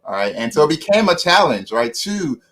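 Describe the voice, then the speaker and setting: A man's voice: fairly high pitch, big pitch swings, normal speed, a bit bright. A man with a Ghanaian accent telling stories in an online panel, often adding "right?" and laughing while he talks. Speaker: panel guest. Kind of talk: storytelling in an online panel talk. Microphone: video call.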